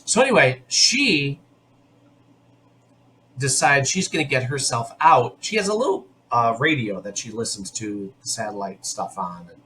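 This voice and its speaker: A man hosts a podcast, talking through an episode in a loose, opinionated way. His voice sits in a middle range, and he talks in quick bursts, often restarting his sentences. A faint hiss of noise sits under the recording. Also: medium pitch, very animated, sharp tone. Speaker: podcast host. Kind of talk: casual episode recap.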